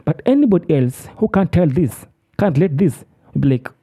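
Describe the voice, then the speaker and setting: Lively, preachy speaker. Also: mid-range voice, normal speed. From Africa. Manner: emphatic, preachy, repeats words. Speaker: commentator. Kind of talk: impassioned monologue.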